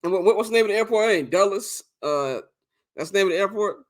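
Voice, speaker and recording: A man's voice: high voice, quick pace. A young man, casually telling a long, profane story on a podcast and acting out the other people in it. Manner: animated, profane, acts out quoted exchanges. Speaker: podcast co-host.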